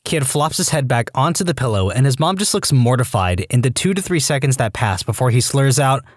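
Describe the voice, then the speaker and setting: A man reading online stories aloud as a narrator, with a deadpan comic delivery. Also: mid-range voice, brisk, no echo, studio quality. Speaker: story narrator.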